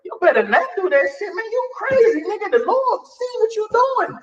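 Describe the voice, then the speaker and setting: A man voicing his own frantic, scolding inner conscience in a shrill, urgent manner. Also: sing-song, moderate pace. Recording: distant, echoey, dull recording.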